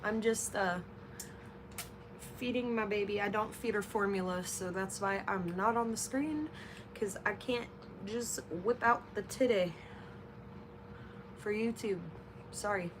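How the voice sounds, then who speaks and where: A woman's voice: mid-range voice, measured pace, pauses often. A young woman on a casual livestream, blunt and profane with her viewers, cooing in baby talk to her infant. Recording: noisy home livestream audio.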